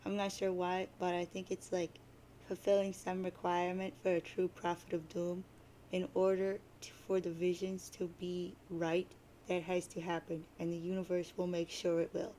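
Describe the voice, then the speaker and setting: Une femme lisant un garçon prophète morose. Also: female voice, on the low side, completely flat delivery, moderate pace, warm tone, a little hiss or hum, natural voice. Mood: gloomy. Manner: grumbly, sarcastic, self-pitying. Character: gloomy mopey teen boy prophet of doom. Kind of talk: dramatic reading of a webcomic.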